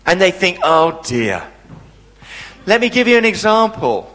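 Man, preacher, sermon, animated storytelling, questions to the congregation, high-pitched, echoey hall. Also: brisk.

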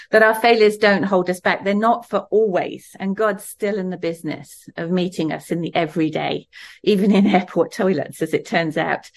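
A middle-aged woman delivering a sermon with a slightly low voice. She tells her story in a warm, conversational way and laughs easily between lines. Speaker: preacher.

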